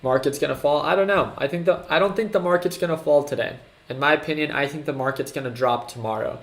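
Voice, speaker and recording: A man's voice: on the high side, quick pace. A young man hosting a live trading stream, chatting casually and hyping up his viewers. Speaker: trading livestream host. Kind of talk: casual livestream commentary.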